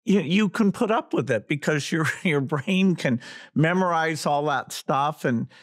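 Man, podcast host, somewhat high voice, halting thoughtful delivery, dry recording. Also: expressive, dry recording. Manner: thoughtful and halting, full of "you know" and restarts. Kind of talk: conversational podcast interview.

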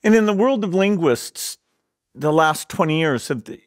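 A man's voice: fairly high pitch, expressive, moderate pace, smooth. A man hosting a podcast interview, talking casually and hesitantly with fillers. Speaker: podcast host. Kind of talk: conversational interview.

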